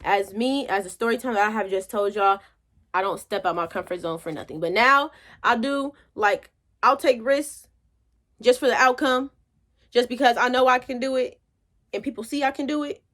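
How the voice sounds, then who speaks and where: A young woman speaking in a fairly high voice tells a motivational story as a vlogger. Her talk is loose and chatty, full of everyday slang. It sounds like casual story time straight to her viewers. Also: normal speed, fairly bright tone.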